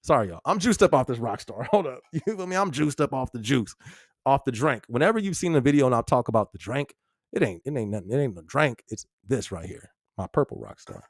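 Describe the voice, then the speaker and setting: A man's voice: mid-range voice, animated, brisk, no echo, studio quality. A young man hosting a live podcast, chatting casually in slangy, loose talk and laughing often. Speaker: podcast host. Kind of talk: casual live-stream chat.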